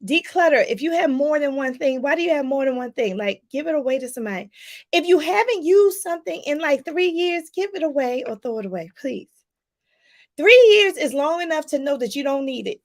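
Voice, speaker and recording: A woman life coach talking casually to her viewers in a live stream, chatty and lively, laughing often and calling them "y'all". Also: brisk. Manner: lively, pitch jumps up for emphasis.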